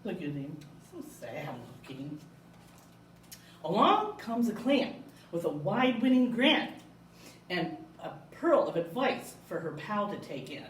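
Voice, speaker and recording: A woman hosting a library storytime, reading picture books aloud in a playful, animated way. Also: medium pitch, unhurried, slight background noise. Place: library room. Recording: echoey room, mic far off.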